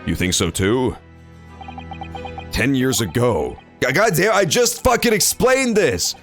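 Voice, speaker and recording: Crude, animated young male streamer. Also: mid-range voice, takes it slowly, soft background music. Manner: crude, profane, jokey. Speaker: streamer playing a game. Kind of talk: casual gameplay commentary.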